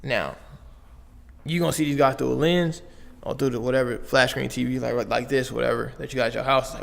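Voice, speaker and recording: A man's voice: mid-range voice, steady tone, quick pace, creaky. A young man from Las Vegas, a podcast guest retelling his story in a casual, slangy way, full of "like" and "bro". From Las Vegas, United States. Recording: long reverb on the voice.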